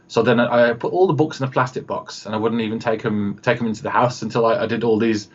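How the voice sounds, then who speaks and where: A man's voice: medium pitch, fast, breathy edge, lo-fi sound. Rambling man on a video call. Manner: rambling storyteller, acts out quoted voices, many fillers. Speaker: guest, radio host and producer. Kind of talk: casual video call interview.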